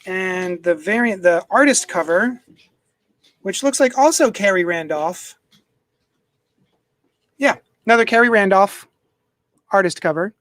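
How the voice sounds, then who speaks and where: Rambly guy streaming from his desk, reads chat out loud, dry close mic sound. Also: high voice, lively intonation, measured pace, long pauses, dry recording, poor audio. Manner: chatty, rambling, reads viewer comments aloud. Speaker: comics unboxing streamer. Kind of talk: casual live-stream chat. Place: home desk. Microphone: desk microphone.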